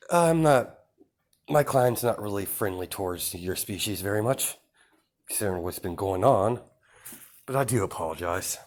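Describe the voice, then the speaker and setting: A man's voice: deep voice, unhurried, pauses often. A man playing a blunt werewolf envoy. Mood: wary. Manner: offhand, hesitant improvised delivery.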